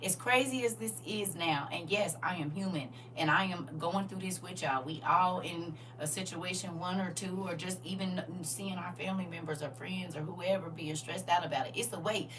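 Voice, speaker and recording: A woman's voice: on the low side, moderate pace, hardly any pauses, recorded from a distance, background noise. A woman hosting a casual faith livestream, laughing and talking straight to her viewers while she reads their comments.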